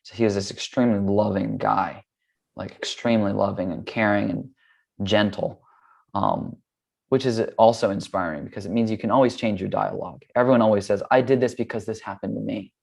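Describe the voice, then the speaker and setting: Gravelly low-voiced man telling a story. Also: a little fast. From United States. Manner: relaxed and candid, loose fillers, casual swearing. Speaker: yoga teacher and guest. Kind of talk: casual storytelling.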